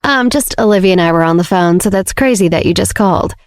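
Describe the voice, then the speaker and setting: A woman's voice: medium pitch, fast talker, dry recording, natural voice. Woman doing a nervous young guy, stammering, rambling, audiobook voice, dry sound. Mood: flustered. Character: nervous awkward young man, flustered. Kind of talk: audiobook character voice.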